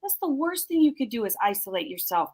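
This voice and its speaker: A woman's voice: a little high, very animated, fast talker, darkish tone. A bereaved mother telling her story in a heartfelt, emotional way during a discussion. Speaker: bereaved mother sharing experience.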